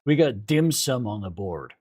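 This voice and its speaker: A man's voice: fairly low pitch, big pitch swings, normal speed, dark tone, husky, no echo. Laid-back co-host type man, jokey and loose, dry booth sound. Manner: laughing, swears freely, trails off mid-sentence. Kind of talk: casual chat reacting to food on screen.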